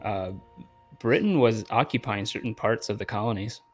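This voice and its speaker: A man's voice: lowish voice, normal speed, faint music behind. A man running a tabletop game, chatting casually and laughing easily. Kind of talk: casual chat.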